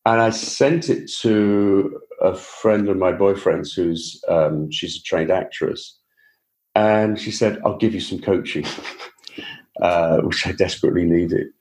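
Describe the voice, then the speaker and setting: This Englishman speaks slowly in a low, darkish voice with a Received Pronunciation accent. Appearing as a guest author in a relaxed interview, he recounts his story in a talkative, self-mocking manner.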